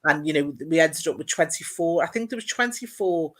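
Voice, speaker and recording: A middle-aged woman, a guest in casual conversation, telling stories in an animated way and acting out what others said. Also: low voice, brisk. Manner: animated storyteller, acts out quoted dialogue, laughs often. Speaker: guest, former city mayor. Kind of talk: casual chat.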